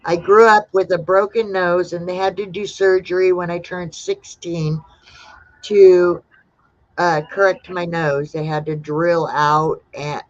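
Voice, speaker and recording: A woman hosting a casual livestream, reading out viewers' answers one by one in a relaxed way. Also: on the low side, measured pace. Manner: relaxed, reads out chat replies one by one. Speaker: livestream host. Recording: dull lo-fi sound.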